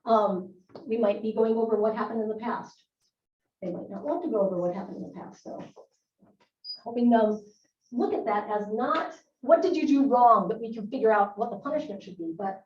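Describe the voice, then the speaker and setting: A woman's voice: fairly high pitch, animated, fairly quick, a little mellow. A middle-aged woman, a nurse practitioner, giving a live talk to school staff in a chatty, wry way. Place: school room. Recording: echoey dull room recording from far off.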